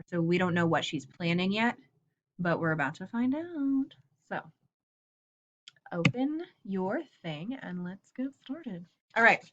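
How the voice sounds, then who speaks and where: Woman teacher, chatty lo-fi lesson. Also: medium pitch. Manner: casual, chatty recapping with playful asides. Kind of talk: class lesson with read-aloud.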